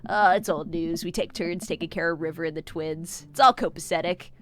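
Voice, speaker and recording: A woman's voice: lowish voice, steady tone, a little fast, pitched below the performer's own voice, close to an everyday voice. A woman voicing a friendly, laid-back young dad who talks like a college bro and says dude a lot.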